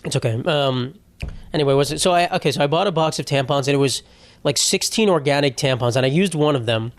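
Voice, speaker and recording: A man's voice: fairly high pitch, fast talker, dry recording. A man hosting a solo comedy podcast, telling rambling, profane, self-mocking stories in casual talk. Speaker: podcast host. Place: home setup.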